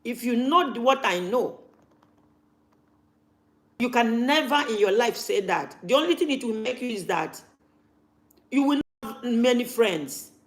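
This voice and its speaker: A woman's voice: fairly high pitch, lively intonation, measured pace, long pauses. Emphatic woman vlogging. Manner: emphatic, repeats points for stress. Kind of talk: casual talk to camera.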